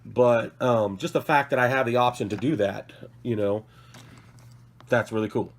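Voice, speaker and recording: At a normal speed and medium pitch, a man with a cough hosts a laid-back hobby vlog, showing his models at his work table. He's sick, rambling, apologetic, and prone to correcting himself, with slight background noise behind him.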